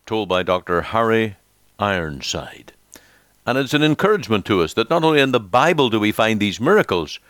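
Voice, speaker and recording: A male pastor preaching a radio sermon, dramatic with rising questions and slowed emphasis. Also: medium pitch, fairly bright tone, dry recording.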